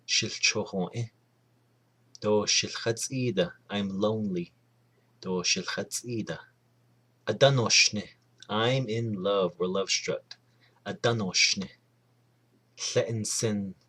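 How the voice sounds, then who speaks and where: A man giving a casual spoken language lesson, saying each word slowly and deliberately and then repeating it. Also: lowish voice, a bit bright, slightly rough. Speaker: language teacher.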